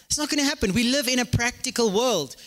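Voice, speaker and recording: A man's voice: very high voice, quick pace. A man preaching a sermon as pastor, joking and acting out little dialogues. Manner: animated, joking, acts out dialogues. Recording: echoey hall.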